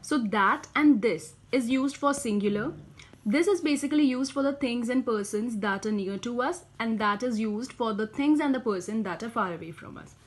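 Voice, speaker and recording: A woman explaining grammar step by step, often pausing with "you know" and "uh". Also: fairly high pitch. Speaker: English teacher.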